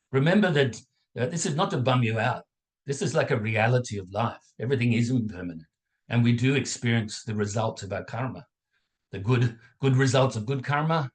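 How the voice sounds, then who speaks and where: A male dharma teacher guides a contemplation lesson over a video call from his home setup, speaking in a mid-range voice through the call's mic. His delivery is calm and measured, with pauses between phrases and an occasional "okay?" to check in.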